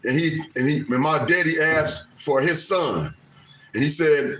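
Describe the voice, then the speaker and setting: A man nearing sixty talks on a live stream in a slightly high voice, repeating himself like a preacher. The room is echoey, with faint noise behind him. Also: a little slow, fairly bright tone. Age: 50s. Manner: preachy, repeats lines for emphasis, Southern American Black vernacular. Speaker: livestream host. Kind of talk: casual live commentary.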